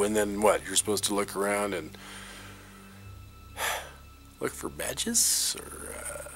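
A man delivering a profane ranting monologue, swearing heavily and swinging between hushed whispers and shouting. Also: medium pitch, a little slow, pauses often, faint music behind. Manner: heavy swearing. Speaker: video creator.

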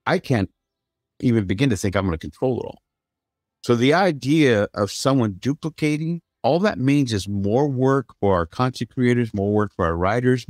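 A man's voice: mid-range voice, darkish tone, no echo, clean studio sound. A middle-aged man from the United States, a guest in an interview, talking earnestly and with emphasis, often restarting his sentences. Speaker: guest, streaming platform founder. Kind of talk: conversational interview.

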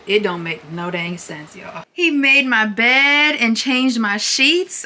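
A woman's voice: fairly high pitch, expressive, slow, hardly any pauses, noisy background. A young woman chatting casually to camera at home, talking to viewers like friends. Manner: chatty, calls viewers "girl" and "y'all". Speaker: vlogger. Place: home, kitchen and bedroom.

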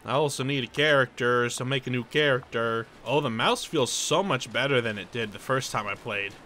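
Bright-voiced excitable young gamer guy. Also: mid-range voice, normal speed, a little hiss or hum. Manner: excitable, chatty, yelps and laughs at the game. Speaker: gameplay streamer. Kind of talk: casual let's-play commentary.

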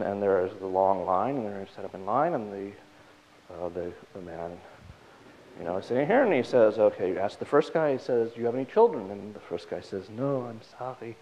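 A man hosting on stage, telling jokes in a halting way with many restarts. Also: on the low side, slight background noise. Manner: halting, full of fillers and restarts. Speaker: host. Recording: dull lo-fi stage recording.

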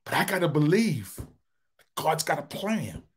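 High-voiced preaching pastor, man. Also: sing-song, a little slow. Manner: preaching with emphatic repetition. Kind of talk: sermon.

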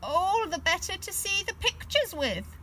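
A woman's voice: extremely high pitch, sing-song, measured pace, bright, forceful tone, a little hiss or hum, pitched above the performer's own voice, full character voice, rough recording. A woman voicing a cunning male wolf in a children's storybook, sweet-talking and growling. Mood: falsely sweet. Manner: cunning, growling when threatening. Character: sly hungry male wolf in disguise.

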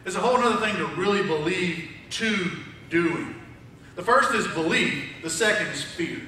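A man's voice: high voice, pushed and bright, slight background noise. A man preaching a sermon to his congregation in a conversational, joking way. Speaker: pastor. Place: church sanctuary. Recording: echoey church from far off.

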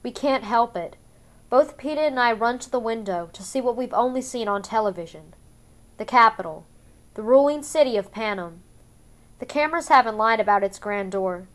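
A woman reading a first-person novel aloud for a fan-made audiobook, in a measured, subdued way. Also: a little high, lively intonation, a bit bright. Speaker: audiobook reader.

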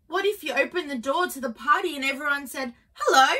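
A woman reading a children's picture book aloud, in a gentle, expressive storytelling manner. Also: sits high, quick pace, recorded from a distance, rough recording.

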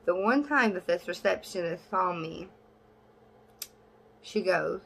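A woman's voice: expressive, takes it slowly, gravelly, a bit bright, slightly rough. Young woman vlogging, sassy and blunt, swears a lot, voice shoots way up when she gets annoyed. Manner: voice jumps high when exasperated. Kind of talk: casual talk to camera.

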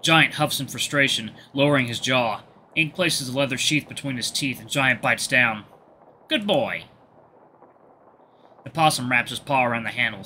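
A man hosting a gaming video, reading a visual novel aloud with relaxed, chatty asides. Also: mid-range voice, slight background noise.

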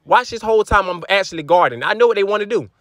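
A young man giving loud, animated trash-talk commentary over his basketball video game to his chat, sometimes slipping into a sing-song. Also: high-pitched, fast, no room sound, studio quality. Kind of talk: hyped gameplay commentary.

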